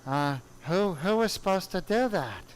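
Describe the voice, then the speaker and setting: A man doing an impression of an older senior surgeon with a soft, airy, gentle voice. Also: high voice, lively intonation, a little slow, smooth, pitched above the performer's own voice. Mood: mild, calm.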